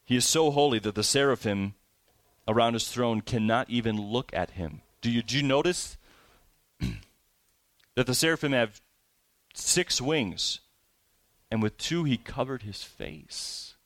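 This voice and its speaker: Male preacher, sermon delivery, dry close mic, slow drawn-out emphasis. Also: mid-range voice, expressive, fairly bright tone, no room sound. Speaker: pastor.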